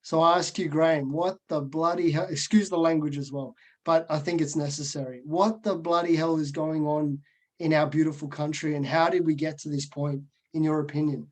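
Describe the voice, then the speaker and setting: A man with an Australian accent who hosts a podcast and talks in a rambling way with halting restarts. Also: fairly high pitch, steady tone, darkish tone. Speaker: podcast host. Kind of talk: casual podcast interview.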